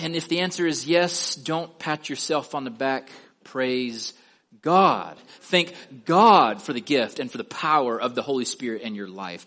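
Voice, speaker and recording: A man delivers a sermon in a middle-pitched voice. He asks his listeners pointed rhetorical questions, then slows down and drops his voice to stress key words. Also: animated, a bit bright. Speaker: preacher.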